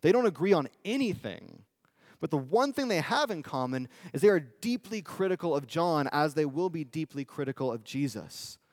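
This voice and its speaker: A male preacher giving a sermon in a conversational style, often asking the audience "right?" and slowing down for emphasis. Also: fairly high pitch, sing-song, no room sound, studio quality. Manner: conversational, with tag questions and emphatic slowdowns.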